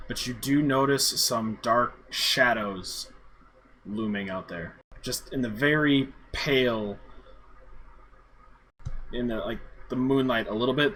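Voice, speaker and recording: A man running a tabletop game as dungeon master, narrating in a relaxed, halting way with fillers. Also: medium pitch, slight background noise, low-quality recording.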